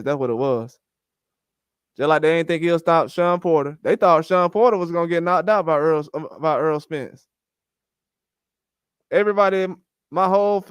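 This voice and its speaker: Ranting his way through casual boxing commentary, a man slips into acting out the conversations he quotes. He hosts a boxing channel, and his smooth, resonant, slightly high voice is captured dry and close with no room sound.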